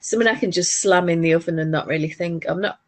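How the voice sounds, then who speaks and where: Woman, low-pitched, from northern England, casual craft chat, rambling with restarts. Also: fast talker. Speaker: podcast co-host.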